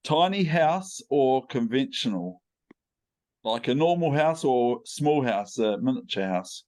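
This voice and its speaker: A man's voice: medium pitch, expressive, measured pace, a little mellow. A man with a New Zealand accent interviewing a guest in a playful, chatty way, wandering into asides. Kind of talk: casual interview chat.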